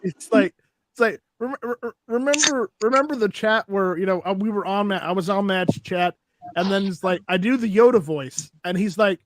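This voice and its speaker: A man's voice: sits high, normal speed, background noise. Chatty man telling old stories. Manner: storytelling, laughs often, stammers on restarts. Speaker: host. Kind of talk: casual chat.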